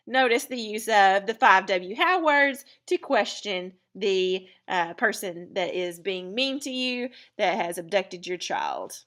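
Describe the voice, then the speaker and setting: Woman teacher with a bright clear voice, walking through grammar one step at a time. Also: medium pitch, very animated, slow, hardly any pauses. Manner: step-by-step explaining. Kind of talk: recorded grammar lesson.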